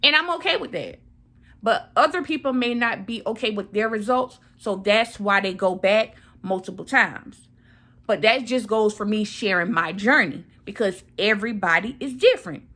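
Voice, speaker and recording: A woman's voice: medium pitch, lively intonation, normal speed, sharp tone. A woman in her thirties talking casually to camera, recovering from surgery and repeating phrases for emphasis. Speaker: vlogger.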